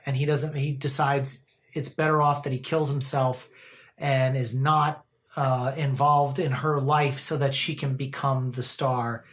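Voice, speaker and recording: A man's voice: mid-range voice, a little slow. Man, casual film reviewer, rambling and full of fillers, mid-range voice, acts out characters' lines. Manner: rambling, many fillers and restarts; animated storytelling, quoting characters. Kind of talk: casual spoken movie review.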